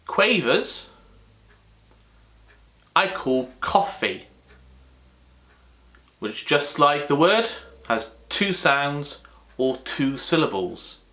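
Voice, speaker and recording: A man teaching drum rhythms in a patient, unhurried way, repeating words to show each beat. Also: on the high side, sing-song, sharp tone. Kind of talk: relaxed music lesson.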